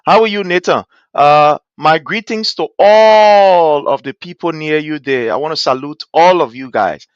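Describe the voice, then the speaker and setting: A man's voice: fairly high pitch, unhurried, hardly any pauses, smooth, dry recording. Effusive Liberian man hosting a livestream. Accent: Liberian English. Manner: effusive, repetitive thanks and pleading appeals. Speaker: livestream show host. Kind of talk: live-stream talk, greeting viewers. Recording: dull, dry lo-fi stream audio.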